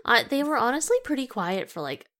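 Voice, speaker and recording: A woman's voice: a little high, big pitch swings, brisk, a bit bright. A woman co-hosting a casual movie podcast, telling stories with dry, wry humor. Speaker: podcast co-host. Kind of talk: casual movie review chat.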